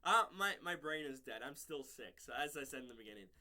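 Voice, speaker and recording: Casual male vlogger, high and sharp-toned, loose rambling recap full of "um" and "like". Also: expressive, brisk. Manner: rambling, many fillers and restarts, laughs at own slips. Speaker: episode reviewer.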